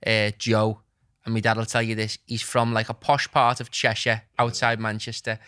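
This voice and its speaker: A man's voice: lowish voice, normal speed, smooth, dry recording, studio quality. A young man hosting a podcast, telling anecdotes in casual chat, laughing and acting out the voices of the people in his stories. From Liverpool, England. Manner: animated storyteller, laughs, acts out voices in anecdotes. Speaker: podcast host.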